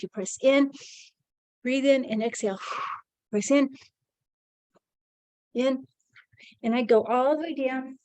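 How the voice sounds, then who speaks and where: Fairly high-pitched and a little mellow, a woman narrates her own movements through an energy routine, slightly out of breath. Chatty and encouraging, she gives a casual instructional demonstration in a dry, rough recording.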